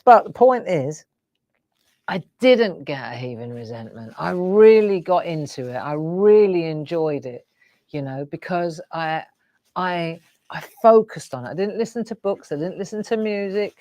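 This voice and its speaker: A woman's voice: lowish voice, animated, unhurried, warm tone, dry recording, dull audio. A middle-aged woman, hosting a live craft show and musing in a rambling, reflective way while tearful. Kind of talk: casual live-stream chat.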